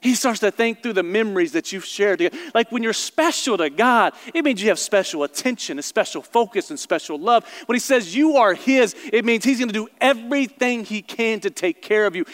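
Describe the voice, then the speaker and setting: A man from the American South with a Southern accent, preaching a sermon earnestly and slowing down for emphasis. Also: high-pitched, a bit bright, big-room sound. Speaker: pastor. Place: church.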